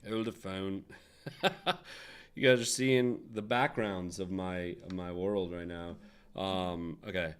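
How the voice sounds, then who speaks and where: A man's voice: deep voice, steady tone, takes it slowly, pauses often, clear, resonant tone. A young man hosting a casual design livestream, rambling and laughing as he chats with viewers. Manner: rambling, restarts, frequent laughs and asides to chat. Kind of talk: casual livestream chat and tutorial.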